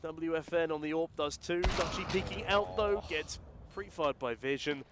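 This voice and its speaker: A man doing play-by-play commentary on an esports match as caster, getting excitable on big plays. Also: moderate pace, noisy background. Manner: excitable, voice jumps high and loud in big plays.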